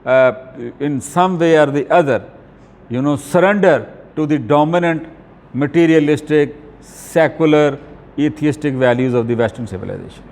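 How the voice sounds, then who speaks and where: A male lecturer delivers an academic talk in a measured, halting way, often pausing on fillers and restarting phrases. His voice sits a little high for a man. The sound has a long hall reverb behind it. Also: darkish tone. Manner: deliberate, with frequent fillers and restarts.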